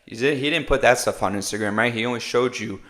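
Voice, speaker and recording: A man hosting a live stream, talking about motivation in a relaxed, conversational way. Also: mid-range voice, fast talker. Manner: relaxed and conversational, with filler tags. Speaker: host. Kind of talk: casual motivational talk.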